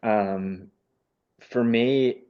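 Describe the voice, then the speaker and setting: A man with a mid-range voice talks extremely slowly, and the high frequencies are cut off. He stutters, repeating sounds and restarting, while serving as a panelist in a casual webinar discussion held over a video call.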